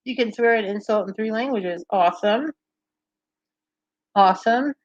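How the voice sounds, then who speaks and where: A Kentucky woman with a slight Southern accent hosts a casual livestream, bantering playfully as she reads viewer comments aloud. Her voice is medium in pitch and moderately paced, and the recording is dry and dull.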